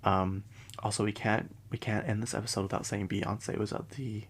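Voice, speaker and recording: A man hosting a casual pop-culture commentary podcast, chatty and full of fillers, often dropping into hushed asides. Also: fairly low pitch, little pitch movement, moderate pace, slight background noise. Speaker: podcast host.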